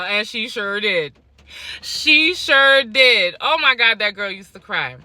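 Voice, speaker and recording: A young adult woman telling a personal story on her vlog, animated, repeating lines for emphasis and laughing between them. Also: on the high side, slow pace, no room sound.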